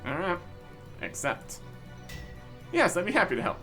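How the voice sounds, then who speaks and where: A man's voice: sits high, huge pitch swings, moderate pace, pushed and bright, soft background music. A man giving casual let's-play commentary as a gaming host, wry and reading game text aloud. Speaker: gaming YouTuber.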